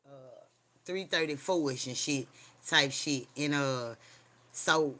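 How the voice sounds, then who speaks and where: The voice is mid-range and sharp in tone, and the pace is slow. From home, the streamer drifts between a spooky story from their own life and street preaching, swearing and using slang while repeatedly asking the audience "you hear me?"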